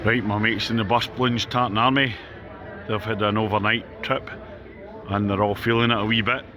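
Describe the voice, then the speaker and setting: A man's voice: fairly low pitch, level tone, moderate pace. A Scottish man chatting casually as a travel vlogger, touring and commenting as he goes. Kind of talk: casual travel vlog narration. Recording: music playing loudly behind.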